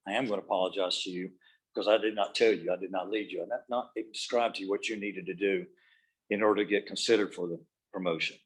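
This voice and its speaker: A middle-aged man with a somewhat low voice gives a motivational speech in a meeting room. He tells workplace stories in an easy, storytelling way. He drops his voice low and soft when he wants a point to land. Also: fairly even intonation, fast, rough recording. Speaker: motivational speaker. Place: meeting room with live and video-call audience.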